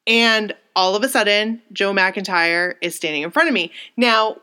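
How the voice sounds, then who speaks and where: A young woman co-hosting a casual chat, retelling a story in an excited, rambling and emotional way, full of fillers and restarts. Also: mid-range voice, moderate pace, clean tone. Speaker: co-host.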